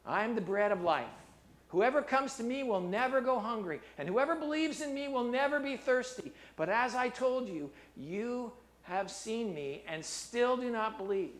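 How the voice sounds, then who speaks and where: A man preaching a sermon, reading scripture in a low, quiet voice and rising loud for emphasis. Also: sing-song, moderate pace. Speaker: pastor.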